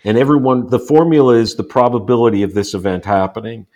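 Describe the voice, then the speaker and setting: A man in his sixties from the United States, a guest telling personal stories in a relaxed interview and acting out the quotes. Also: fast. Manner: animated storyteller, acts out quotes with rising pitch. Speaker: guest, author. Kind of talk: storytelling in a casual interview.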